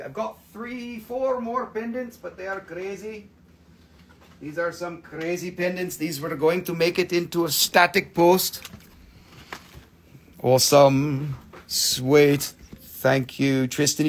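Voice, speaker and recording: A man hosting a live crystal sale in a casual, chatty way, swearing freely and reading out viewer comments. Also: on the high side. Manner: stops to count and name items as he shows them. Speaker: live-stream crystal seller. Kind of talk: casual live sales chat.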